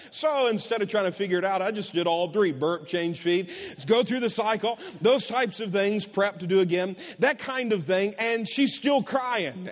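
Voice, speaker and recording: Middle-aged male pastor, high voice, earnest storyteller, echoing sanctuary sound. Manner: earnest, storytelling, with many restarts. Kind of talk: sermon. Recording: long hall reverb.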